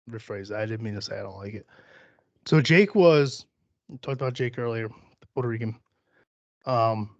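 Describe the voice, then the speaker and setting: A man's voice: medium pitch, no echo. A young man hosting a solo podcast, rambling and swearing freely, mocking himself as he talks himself down. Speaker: podcast host. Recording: dry, slightly dull home recording.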